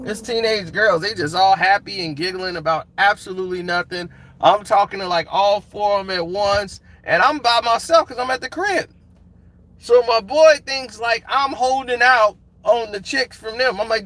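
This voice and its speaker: A man with a noticeably high voice spins a casual, slangy story, chuckling as he goes. He talks over plain traffic and street noise outdoors, with cars audible behind him. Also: lively intonation, unhurried, pushed and bright. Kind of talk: casual anecdote. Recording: noisy outdoor traffic sound. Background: street and car noise.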